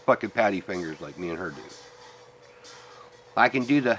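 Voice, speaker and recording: A middle-aged man delivers a heated, profane rant straight to his viewers. His voice is bright and forward, and he talks bluntly, often swearing for emphasis. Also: low voice, big pitch swings, brisk, pauses often. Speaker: vlogger. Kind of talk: ranting personal monologue.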